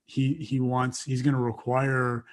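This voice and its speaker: A man's voice: mid-range voice, little pitch movement, unhurried. A man co-hosting a podcast, explaining at length in a loose, rambling way. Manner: rambling, many fillers and restarts. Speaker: co-host on public affairs and baking. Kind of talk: casual chat.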